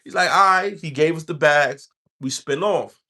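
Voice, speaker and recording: A man's voice: fairly high pitch, normal speed, pushed and bright. A man from the Bronx with a New York accent, telling a rambling street story in casual talk. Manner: streetwise, rambling, acts out quoted voices.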